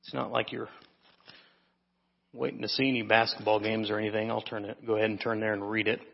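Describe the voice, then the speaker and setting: A man's voice: lowish voice, flat delivery, fast talker, gravelly. Man preaching a sermon in an echoey hall. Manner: conversational, with fillers and self-corrections. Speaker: pastor. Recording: muffled, reverberant church hall.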